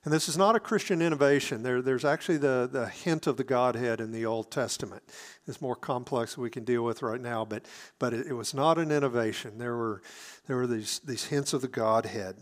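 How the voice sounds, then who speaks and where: A man's voice: medium pitch, fairly quick. A man preaching a sermon, explaining scripture earnestly, often restarting his phrases.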